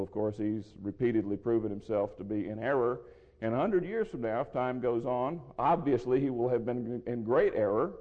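A man teaching through a Bible passage verse by verse, measured and explanatory, with a dry throat he soothes with water. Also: mid-range voice, mellow. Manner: measured, explanatory, restarts phrases. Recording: lo-fi with long hall reverb.

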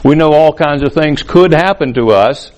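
Man preaching a measured Bible sermon. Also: a little high, a little mellow, poor audio. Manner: measured, explanatory, reads scripture aloud with emphasis. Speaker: pastor.

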